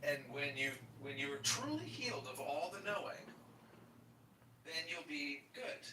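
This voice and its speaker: Man reading a quote then riffing on it, slightly high voice, echoey, noisy, off mic. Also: big pitch swings, a little slow. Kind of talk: casual chat, reading aloud. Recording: echoey room, distant mic, audible noise.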